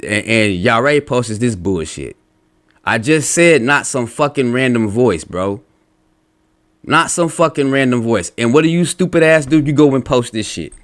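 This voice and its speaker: Blunt profane man ranting. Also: medium pitch. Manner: lectures while reading out comments. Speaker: religious commentator. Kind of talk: angry reaction rant.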